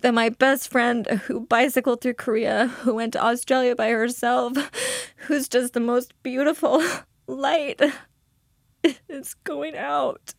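A woman guest telling a personal story in an interview, halting and emotional, with frequent restarts. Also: a little high, steady tone, gravelly, dry recording, clean studio sound.

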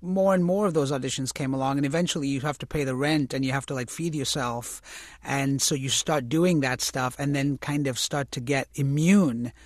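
A man's voice: medium pitch, moderate pace, dry recording. Male guest, reflective, stop-start phrasing, dry close sound. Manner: reflective, many restarts and "you know". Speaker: actor and author, interview guest. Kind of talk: conversational interview.

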